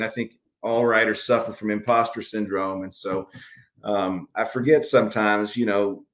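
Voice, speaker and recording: A man with a Southern drawl speaks in a lowish voice. He rambles through his answers, full of "you know" and restarts, as if chatting on a video call. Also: fairly bright tone. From Alabama, US. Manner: rambling, many fillers and restarts. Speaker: author guest. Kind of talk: conversational interview answers.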